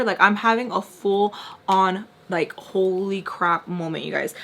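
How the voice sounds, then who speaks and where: A young woman chats through a storytime at an everyday pitch, animated and filler-heavy. She drops into whispered asides at times, and a faint hum of ambience sits under her voice. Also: a little slow, creaky. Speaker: vlogger. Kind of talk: casual storytime chat. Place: home room, doing makeup.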